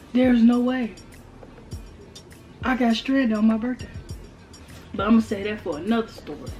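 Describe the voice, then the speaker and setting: A young woman with a slightly high voice tells a storytime over a meal in loose, slangy chat. She hammers lines home by saying them twice, animated throughout. Faint music sits under her. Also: dull audio. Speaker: vlogger. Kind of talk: casual storytime while eating.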